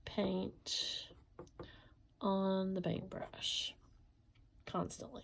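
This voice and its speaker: A tired woman with a frog in her throat, rambling softly about her painting late at night at home. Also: fairly low pitch, creaky. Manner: soft, slow, rambling late-night talk. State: sleepy and tired. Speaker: painter and parent. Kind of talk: casual painting vlog.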